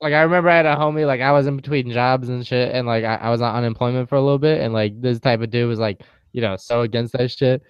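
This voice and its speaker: Young male co-host, relaxed storyteller, laughs easily; smooth tone on a slightly muffled, lo-fi mic. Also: medium pitch, fast talker, no echo. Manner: laid-back storyteller, slangy, laughs often. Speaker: podcast co-host. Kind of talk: casual chat.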